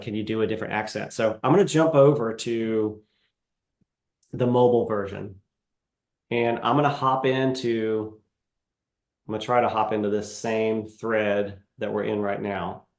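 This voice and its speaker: A man hosting a live webinar, demoing software in a casual, halting way with many fillers. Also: mid-range voice, roomy sound. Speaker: webinar host.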